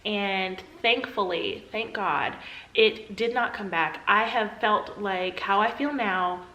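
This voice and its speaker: A young woman speaks earnestly and confessionally to camera, telling a personal story at an ordinary pitch. When she quotes her past self, her voice lifts higher and pleading. The room around her sounds echoey. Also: takes it slowly, bright, forceful tone. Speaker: vlogger.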